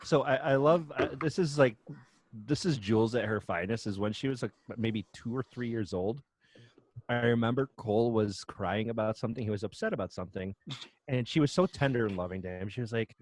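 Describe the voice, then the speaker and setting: A man's voice: mid-range voice, a little fast, dry recording. A man telling family stories in casual podcast chat and acting out the quotes as he goes. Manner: animated storyteller who acts out quotes. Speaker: podcast co-host.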